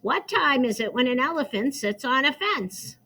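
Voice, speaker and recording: A woman's voice: high voice, lively intonation, moderate pace, sharp tone, slightly rough, exaggerated voice. A woman doing a cool, windy old elephant aunt. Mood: cool, measured. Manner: windy, cool, a tiny bit scary.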